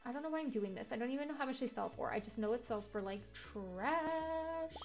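A woman's voice: fairly high pitch, rapid-fire, darkish tone, faint music behind. A young woman streaming a game, chatting casually, full of filler words and jokey asides. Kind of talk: casual let's-play commentary.

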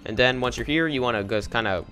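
Over soft background music, a young man with a mid-range, sharp-toned voice talks quickly through a game walkthrough. His gameplay commentary is casual, rambling and easily confused.

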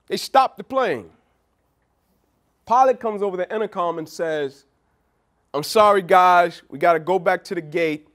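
A man giving a motivational keynote speech, telling stories and acting out what people said. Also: high voice. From Atlanta, USA. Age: young adult. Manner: storytelling, animated, quoting people in dialogue. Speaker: keynote speaker. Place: large event venue.

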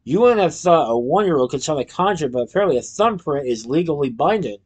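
A sharp-tongued orphan girl, as a man reading a storybook puts her on, her voice lifted a little high. She delivers dry, world-weary quips and cuts every hope down with a shrug. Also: lively intonation, quick pace, slightly rough. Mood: wry.

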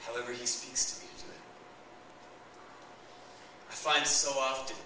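A man's voice: mid-range voice, little pitch movement, normal speed, pushed and bright, slight background noise. A young man preaching a sermon as pastor, enthusiastic and conversational, recorded in a church hall. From Canada. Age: young adult. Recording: echoey church hall, mic far off.

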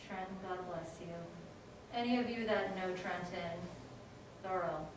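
A woman teaching a music education class in a casual, animated way, now and then singing short rhymes. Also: lowish voice, a little slow, background noise. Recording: echoey room, mic from a distance.

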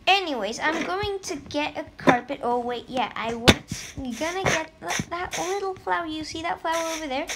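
A woman's voice: sits high, moderate pace, few pauses. A woman giving casual, playful commentary on her own gameplay and chatting to the animals in the game. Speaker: gameplay video creator. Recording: loud background noise.

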